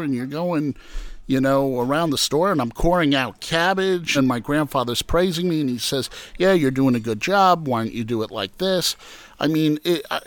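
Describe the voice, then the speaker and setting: A man from New York telling stories from his childhood in a casual interview, acting out the voices of people he quotes. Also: a little high. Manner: animated storyteller who acts out quoted voices.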